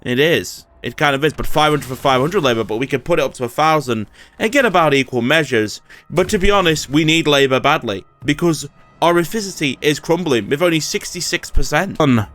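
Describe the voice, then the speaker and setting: Brisk and animated, this fairly high, fairly bright voice belongs to a gaming YouTuber narrating his strategy game. He swears casually and snaps at the AI-controlled enemy lords out of frustration.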